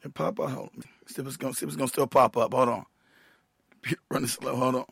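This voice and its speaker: A man's voice: mid-range voice, steady tone, fast, gravelly, a bit bright, husky, no echo. A man hosting a profane livestream rant, heated and laughing often, who trails off as he fiddles with his computer. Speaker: show host, military veteran.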